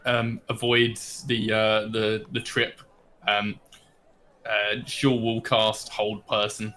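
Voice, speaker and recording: A British man playing a tabletop game, slow and halting with many fillers. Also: fairly low pitch, monotone, pushed and bright, slight background noise. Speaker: player.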